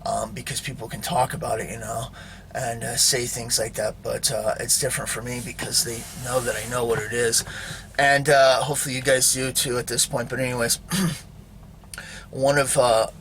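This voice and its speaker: A man talks straight to his viewers in an unscripted, meandering storytelling style. He strings thoughts together with fillers and asides and keeps checking in with his audience. His voice sits at a middle pitch with a bright, forward tone. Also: little pitch movement, moderate pace, a little hiss or hum. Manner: rambling, full of fillers and tag questions. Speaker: video host. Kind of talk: casual storytelling monologue.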